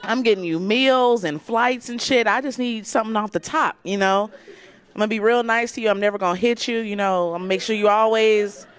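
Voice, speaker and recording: A woman's voice: mid-range voice, fairly quick. A woman from Georgia performing brash, crude stand-up comedy and often laughing through her lines. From Decatur, Georgia, USA.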